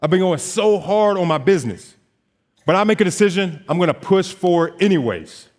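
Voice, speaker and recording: Animated young man telling his story. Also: high-pitched, normal speed. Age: 20s. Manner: animated storytelling, acts out dialogue. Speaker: notary business owner. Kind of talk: motivational stage talk.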